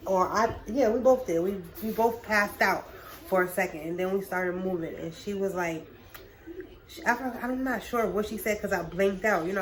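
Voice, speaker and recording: A young woman telling a wild personal story to her camera in a casual vlog, profane and animated, full of slang. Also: medium pitch, poor audio. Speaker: vlogger.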